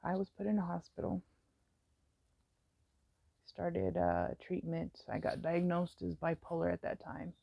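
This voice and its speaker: A woman's voice: fairly low pitch, expressive, measured pace, gravelly, pauses often, slightly rough, no room sound. A woman in her thirties telling her own story in a candid, meandering way, with lots of fillers. It comes through a dull, lo-fi recording. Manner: frank and meandering, with many fillers.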